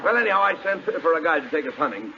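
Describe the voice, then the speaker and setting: Exasperated straight man, gravelly. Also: fairly high pitch, sing-song, racing. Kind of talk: 1940s radio comedy acting. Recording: muffled 1940s radio broadcast with hiss.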